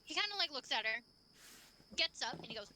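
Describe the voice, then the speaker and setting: A woman's voice: sits high, big pitch swings, brisk, sharp tone. A woman narrating a tabletop game as game master, chatty and loose, full of fillers.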